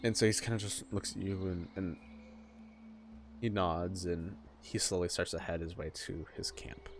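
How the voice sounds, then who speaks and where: A man with a low voice narrates as game master of a tabletop game. His descriptions ramble loosely, full of fillers. Faint noise sits under the recording. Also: steady tone, moderate pace. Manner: loose and meandering, with frequent fillers.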